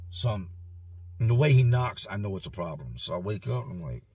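A man's voice: lowish voice, brisk, warm tone, breathy edge. A man telling a story from his own past in a blunt, slangy, profane way. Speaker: vlogger.

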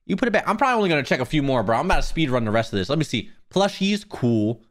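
Male streamer with a slightly high voice, foul-mouthed, animated rants. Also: racing. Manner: profane, animated ranting. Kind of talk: casual live-stream chat.

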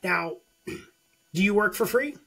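Husky high-voiced older man giving advice. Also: lively intonation, takes it slowly, fairly bright tone. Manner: coaching, calls the other host out. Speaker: podcast co-host. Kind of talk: casual advice chat.

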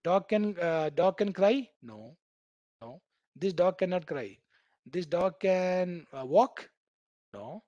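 High-voiced man teaching code. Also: animated, takes it slowly, pauses often, darkish tone, dry recording, highs cut off. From India. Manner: keeps checking in with "right?", explains by everyday analogies. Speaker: programming instructor. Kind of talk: live online coding class.

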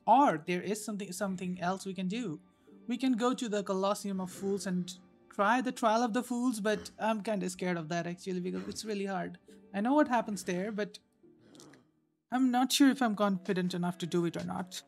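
A woman talks through her gameplay for her channel in a loose, casual way, cursing freely. She rants in bursts, loud one moment and mumbling the next. Faint game music plays under her voice. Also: medium pitch, normal speed. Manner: animated, swears freely, rants between outbursts and mumbles. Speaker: gaming channel host.

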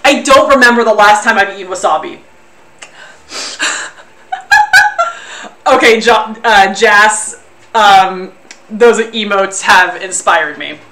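A woman streamer chatting casually to her viewers, loudly exclaiming and laughing while suffering through a spoonful of wasabi. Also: medium pitch, slow, long pauses, echoey room, recorded from a distance. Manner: exclaiming and laughing, talks to chat. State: sniffly and pained from wasabi. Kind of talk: casual live-stream chat. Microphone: desk mic, sometimes clipping.

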